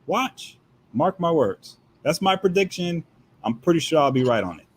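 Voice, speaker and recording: A man with a fairly high voice gives heated political commentary as a guest. He talks emphatically, piling up rhetorical questions to drive his point home. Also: big pitch swings, moderate pace, slight background noise.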